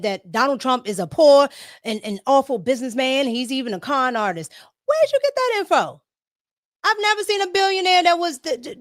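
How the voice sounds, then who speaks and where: A woman's voice: high-pitched, dry recording, clean studio sound. A woman hosting a casual political livestream, talking emphatically, repeating herself and tagging her points with "okay?". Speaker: political commentary host.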